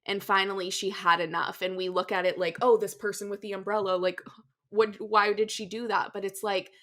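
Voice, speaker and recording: A young woman in a casual podcast conversation gives her thoughts in a reflective way and often murmurs agreement. Her voice is bright and forward, with a middle pitch. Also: little pitch movement, a little fast. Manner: frequent "mm-hmm" agreement, reflective commentary. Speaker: podcast co-host. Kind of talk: casual chat.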